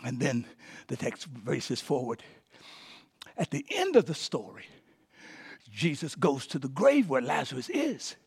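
Male preacher, high husky voice, dynamic call-and-response sermon delivery. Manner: swings from hushed whispers to shouted climaxes. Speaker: pastor.

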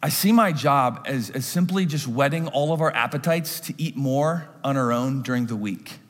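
A man's voice: medium pitch, moderate pace, a bit bright, big-room sound. A male pastor preaching a sermon in a church, telling the story with animation and acting out the voices.

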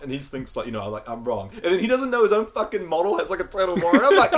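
A man talks at a fast clip in a casual chat. He tells animated stories, swearing freely and laughing often. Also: high voice.

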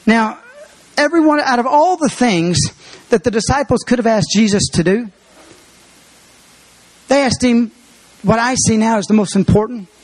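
With an extremely high-pitched voice, a male pastor preaches a sermon that is earnest and conversational, slowing down to stress key phrases.

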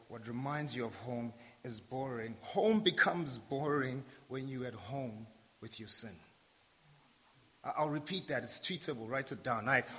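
A man's voice: mid-range voice, sharp tone. A man from South Africa preaching a sermon to a congregation, emphatic and repetitive, with touches of humor. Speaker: pastor. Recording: long hall reverb.

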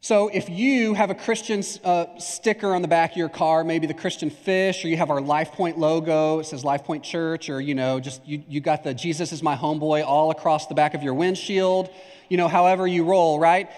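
Animated high-voiced male pastor preaching. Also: moderate pace, long reverb tail. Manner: conversational, animated, with asides and acted-out examples. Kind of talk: sermon.

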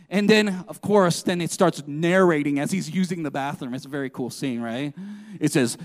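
A man's voice: a little high, moderate pace. A male pastor preaching a sermon in an earnest way, often putting questions to the congregation.

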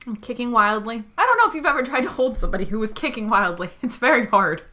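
A woman playing in a tabletop role-playing game, animated and quick to joke. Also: a little high. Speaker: player.

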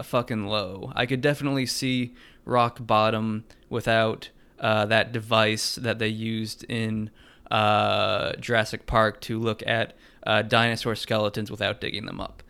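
A man's voice: fairly low pitch, gravelly, fairly bright tone, clean tone. A man hosting a podcast, reading tarot cards for callers in a dry, hesitant way full of filler words. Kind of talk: casual chat.

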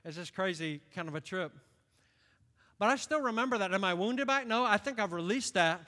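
A man in his late fifties from upstate New York, preaching a sermon in an animated storytelling way. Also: sits high, fairly quick. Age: late 50s. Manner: animated storytelling, acts out quoted voices. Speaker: pastor. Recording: long reverb of a large hall.

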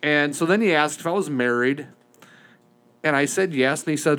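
A man with a slightly high voice, chatting in a podcast studio. He tells stories with energy, slipping into the voices of the people in them. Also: normal speed. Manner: animated storyteller acting out both sides of a phone call. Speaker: podcast co-host. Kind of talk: casual chat.

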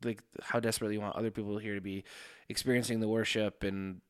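A man's voice: fairly low pitch, flat delivery, fast, clear, resonant tone, no echo, clean studio sound. A man who is a pastor, talking about his faith in an earnest, reflective, casual way. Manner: reflective, earnest, thinking aloud.

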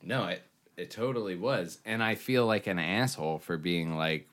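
A man's voice: low-pitched, moderate pace, fairly bright tone. A man in his thirties co-hosting a podcast, rambling in casual chat with many "like" fillers. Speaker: podcast co-host.

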